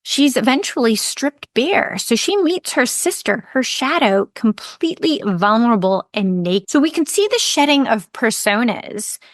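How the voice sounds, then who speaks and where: Calm woman podcast host, dry close sound. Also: fairly high pitch, dry recording. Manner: calm, measured retelling of myth. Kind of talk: reflective podcast storytelling.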